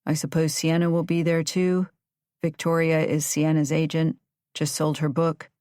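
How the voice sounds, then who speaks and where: A clipped, businesslike male attorney, read by a woman narrator, delivered in a low voice that stays close to her own. The tone is matter-of-fact, and the recording is dry and close. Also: level tone, moderate pace, darkish tone, smooth, no echo, natural voice. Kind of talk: audiobook dialogue reading.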